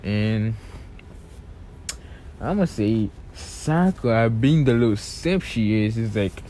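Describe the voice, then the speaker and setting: A man's voice: fairly low pitch, expressive, takes it slowly, mellow, a little hiss or hum. A young man casually retelling a fan-made story in a loose, rambling way, full of fillers and restarts.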